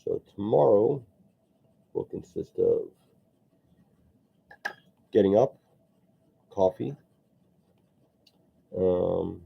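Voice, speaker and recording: Gravelly low-voiced man rambling while sculpting. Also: animated, extremely slow, pauses often. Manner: rambling, chatty, answers viewer comments. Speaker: sculptor streaming while working. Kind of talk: casual live-stream chat while sculpting. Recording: tinny phone-like audio.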